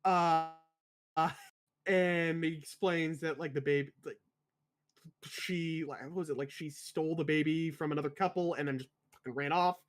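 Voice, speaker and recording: A man chatting casually on a podcast about a film, his voice sitting a little high for a man. He swears freely and laughs often as he talks, loose and unpolished in his delivery. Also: steady tone, moderate pace. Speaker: podcast co-host.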